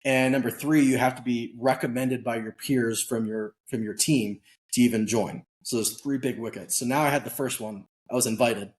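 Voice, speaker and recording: A man's voice: medium pitch, normal speed, few pauses. Candid man telling a story. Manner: animated storyteller who acts out quoted dialogue; candid, casual, occasionally swears. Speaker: podcast guest. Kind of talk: casual storytelling interview.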